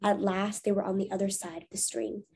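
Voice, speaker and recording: A woman's voice: medium pitch, flat delivery, fairly quick, vocal fry, darkish tone, slightly rough. A woman teacher reading a storybook aloud to young students, then asking encouraging discussion questions. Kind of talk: reading aloud to children, lesson.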